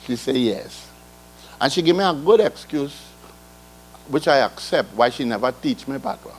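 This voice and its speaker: A man's voice: medium pitch, animated, normal speed. An older man with a Trinidadian accent, telling rambling, folksy stories in island dialect as a calypso comedian on a ballroom stage. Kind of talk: live stand-up storytelling. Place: ballroom stage before a live audience.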